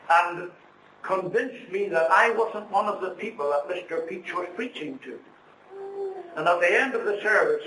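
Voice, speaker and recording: Middle-aged man, high-pitched earnest preacher, caught from a distance in an echoey room with faint hiss. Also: bright, forceful tone. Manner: earnest storytelling with preacherly emphasis. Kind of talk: sermon testimony.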